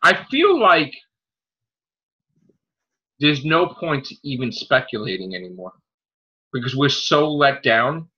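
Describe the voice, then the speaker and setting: A man's voice: mid-range voice, big pitch swings, slow, long pauses, bright, forceful tone. A man hosting a casual podcast chat, ranting and swearing freely. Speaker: podcast host. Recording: dull lo-fi audio.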